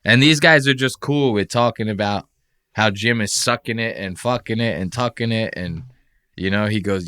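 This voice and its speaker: A man hosting a podcast, reacting to clips in casual, profane commentary and mocking the people he quotes with quick impressions. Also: medium pitch, fairly bright tone. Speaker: podcast host.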